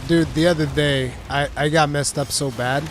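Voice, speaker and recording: A man's voice: on the high side, fairly even intonation, moderate pace, over music. A man in his thirties streaming a video game, chatting casually, laughing often and swearing freely. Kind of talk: casual gameplay commentary.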